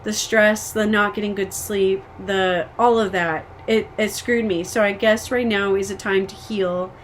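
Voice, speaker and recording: A woman's voice: medium pitch, steady tone, measured pace, slight background noise. A woman from the United States giving a casual personal update as a vlogger, venting frustrations candidly and rambling with frequent ums and restarts.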